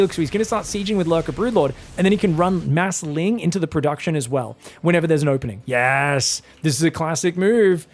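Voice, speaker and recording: A man casting a strategy game match, with fast play-by-play and sudden shouted outbursts at big plays. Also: high voice, a little hiss or hum. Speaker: esports caster. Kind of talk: excitable live game commentary.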